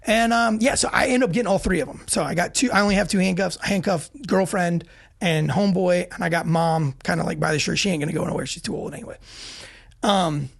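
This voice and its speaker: A man with a gravelly, husky voice tells war-story style anecdotes as a podcast guest. He talks fast and animated, swears freely and trips over restarts as he mocks himself. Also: high-pitched. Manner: rapid, self-deprecating, frequent restarts. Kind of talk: animated storytelling, casual and profane.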